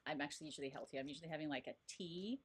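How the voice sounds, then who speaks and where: A woman in her thirties with a deep, breathy-edged voice hosts a casual live stream as an oracle card reader. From her desk at home, she chats in a bubbly way and greets viewers by name.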